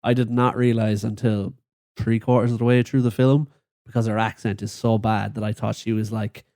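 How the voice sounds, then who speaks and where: A man co-hosting a podcast, reviewing a film in casual chat, amused and quick to laugh. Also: on the low side, flat delivery, dark tone, dry recording, studio quality. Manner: amused, laughs often, mimics characters. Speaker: podcast co-host.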